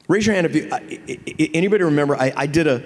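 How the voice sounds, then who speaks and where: A man on a convention panel, telling a profane, animated story with many restarts. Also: on the high side, a little fast. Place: large convention hall. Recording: reverberant hall.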